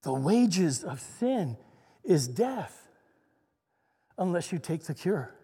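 Guy preaching a sermon, really high voice, earnest, repeats himself for emphasis. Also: vocal fry, a little mellow. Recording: long reverberant echo.

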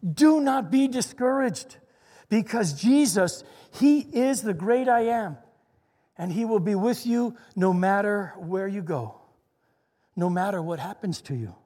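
A man with a high voice delivers a sermon in an earnest, plainspoken way. He slows his words down to lean on the lines he wants to land. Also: lively intonation, dark tone, long reverb tail. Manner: earnest, slows down to stress scripture. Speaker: preacher.

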